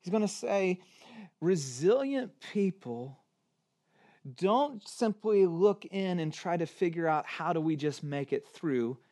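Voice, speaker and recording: Guy pastor preaching, talky and easygoing, gets loud then drops real quiet. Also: sits high, animated, slow pace. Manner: conversational preaching with wide swings from loud to hushed. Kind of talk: sermon.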